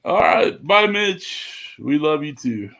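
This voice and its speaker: A man's voice: on the high side, sing-song, takes it slowly, a bit bright. A man hosting a casual livestream chat, loose and profane as he brings guests on. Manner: loose, swearing banter. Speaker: host.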